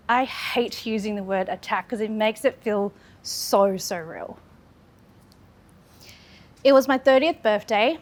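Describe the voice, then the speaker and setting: Woman in her thirties telling her own story. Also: medium pitch. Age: 30s. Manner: earnest, candid, with repeated phrases. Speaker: public speaker. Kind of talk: personal storytelling speech.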